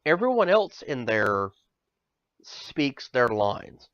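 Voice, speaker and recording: A man's voice: fairly high pitch, expressive, measured pace, slight background noise. A man co-hosting a podcast in casual banter, ranting with profanity and stammering repeats. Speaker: podcast co-host. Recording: dull lo-fi sound, dry.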